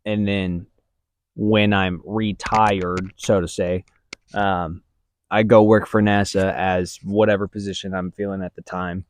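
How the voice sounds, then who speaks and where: Relaxed young man, easy laugh. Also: sits low, a little slow, clean tone, no room sound. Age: young adult. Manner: relaxed, rambling, laughs easily. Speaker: podcast co-host. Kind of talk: casual chat.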